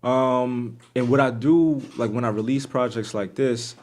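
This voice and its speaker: A young man from New York tells stories in a loose, casual podcast chat. His voice sits at an ordinary pitch. He leaps up high whenever he acts out what other people said. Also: measured pace. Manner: animated, acts out quoted voices with big pitch jumps. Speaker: podcast guest, music producer and DJ.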